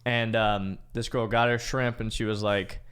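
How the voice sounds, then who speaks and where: A man's voice: lowish voice, fairly even intonation, moderate pace, a bit bright, clear, resonant tone. A young man casually telling a rambling, profanity-filled story as a podcast co-host, with many "like"s.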